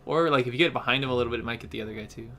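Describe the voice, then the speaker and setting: A man's voice: medium pitch, racing, pushed and bright. A man watching a friend play a video game, chatting casually, giving tips and laughing often. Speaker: co-host watching gameplay. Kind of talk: casual gameplay chat.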